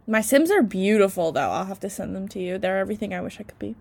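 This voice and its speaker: A woman's voice: medium pitch, animated, quick pace, creaky, darkish tone. A young woman co-hosting a podcast in casual chat, laughing often and self-deprecating. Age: young adult. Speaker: podcast co-host.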